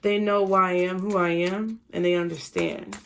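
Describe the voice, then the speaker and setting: A woman's voice: lowish voice, level tone, normal speed, a little hiss or hum. A woman giving a casual tarot reading, chatty and blunt, with frequent swearing. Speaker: tarot reader.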